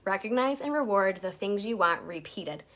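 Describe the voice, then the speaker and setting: A woman's voice: medium pitch, lively intonation, moderate pace, a bit bright. A woman leading a direct-sales team, giving a chatty motivational coaching talk and acting out quotes in jumpy voices.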